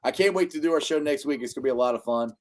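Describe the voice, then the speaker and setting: A man's voice: mid-range voice, racing, a little mellow. A man from Cincinnati hosting a casual sports podcast live stream, enthusiastic and laughing at his own jokes. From Cincinnati, USA. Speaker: podcast host. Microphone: live-stream microphone.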